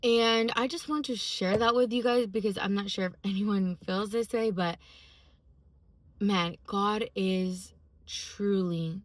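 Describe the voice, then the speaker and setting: A woman's voice: medium pitch, fairly even intonation, slow. A woman giving a casual, emphatic personal faith testimony, full of fillers as she talks. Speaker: faith vlogger.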